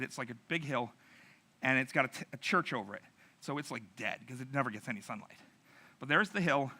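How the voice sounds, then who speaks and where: A middle-aged male pastor preaching a narrative sermon, telling stories with animated, acted-out voices. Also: mid-range voice.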